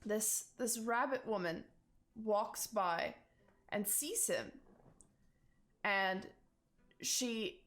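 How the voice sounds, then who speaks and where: A woman's voice: mid-range voice, very slow, long pauses, fairly bright tone. A woman narrating a tabletop game as game master in a casual, filler-heavy way. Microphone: streaming mic.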